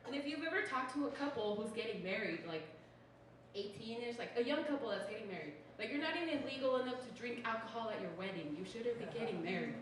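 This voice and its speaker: A young woman from Utah performs stand-up in a chatty, sarcastic way, with "like" in almost every sentence. Her voice is a little higher than most women's. She is picked up from a distance in a very echoey room, with a steady noisy hiss behind her. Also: quick pace. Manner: chatty, sarcastic, says "like" constantly. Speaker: stand-up comedian. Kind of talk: stand-up comedy set. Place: small comedy show venue. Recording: echoey room from far off with noise.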